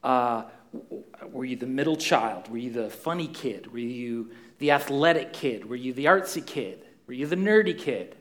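A man's voice: medium pitch, animated, normal speed, fairly bright tone. A man, a pastor preaching a conversational sermon full of questions to a church congregation.

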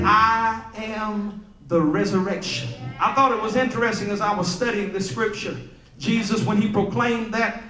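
High-voiced preaching pastor in a roomy hall. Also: male voice, recorded from a distance. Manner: preaching with rising chanted, sing-song intensity; drops low and soft for quoted scripture. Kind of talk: sermon. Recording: roomy church hall with music behind.

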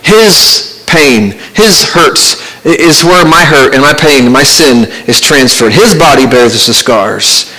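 A man preaching a sermon as pastor, earnest and conversational, with pauses and restarts. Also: on the high side, animated, pushed and bright, rough recording.

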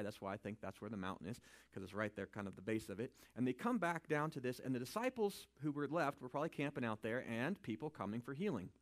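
This is a conversational Bible teaching from a man who is animated and informal, swinging between quiet asides and loud emphasis while often asking "right?". His voice sits at a medium pitch.

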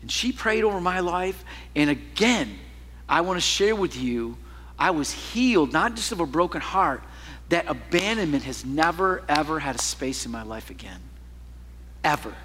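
A man preaching a sermon as a pastor, telling a personal story with animated swings from loud to hushed. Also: high-pitched, long reverb tail.

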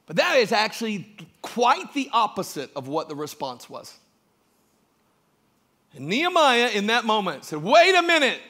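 A man preaching a sermon, joking with the congregation and building from quiet asides to shouted emphasis. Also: high-pitched, very animated, unhurried, pauses often. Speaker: pastor.

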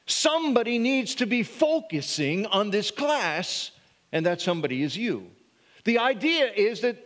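A man preaching a sermon as pastor, animated and prone to repeated restarts. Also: high voice. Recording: long reverb of a hall.

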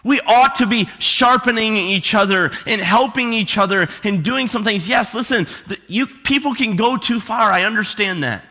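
A man's voice: sits high, normal speed, few pauses, bright, forceful tone. A man preaching a sermon to his congregation, conversational and full of rhetorical questions. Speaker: pastor. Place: church sanctuary. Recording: reverberant church hall.

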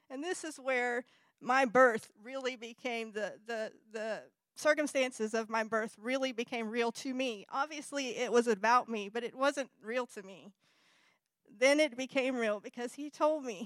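A woman's voice: fairly high pitch, fairly bright tone, no room sound. Earnest woman telling her story. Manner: earnest, halting, self-correcting, apologetic. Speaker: speaker sharing personal testimony. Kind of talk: personal testimony talk. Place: presentation with slides in front of an audience.

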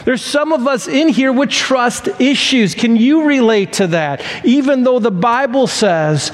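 A man's voice: extremely high pitch, expressive, measured pace, few pauses, long reverb tail. A man preaching a sermon as pastor, telling a story in a conversational way.

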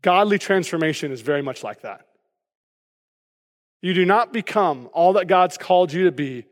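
A man's voice: high-pitched, expressive, moderate pace, big-room sound. A man preaching a sermon as pastor, casual and joking, often checking in with the congregation with "okay?".

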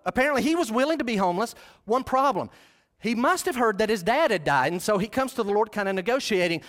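Passionate pastor preaching emphatically. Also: male voice, sits high, expressive, a little fast, a bit bright. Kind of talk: sermon.

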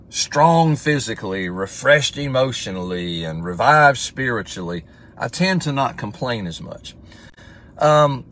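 A man's voice: mid-range voice, fairly bright tone. A man giving a casual livestream devotional as pastor, talking in a conversational way and reading scripture aloud with emphasis.

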